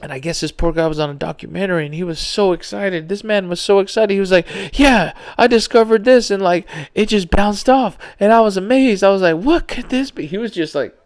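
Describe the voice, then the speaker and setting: A man's voice: sits high, fast talker, hardly any pauses, a little mellow. A tired man hosting a podcast alone, rambling in casual slang about conspiracy theories, yawning as he talks. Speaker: podcast host.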